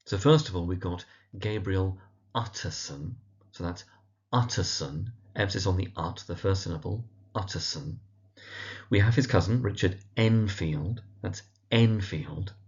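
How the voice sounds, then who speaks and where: Male teacher with a low voice for a pronunciation lesson, careful and deliberate, dull lo-fi sound. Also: a little mellow. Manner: careful, repeats each name slowly and deliberately. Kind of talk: instructional pronunciation guide.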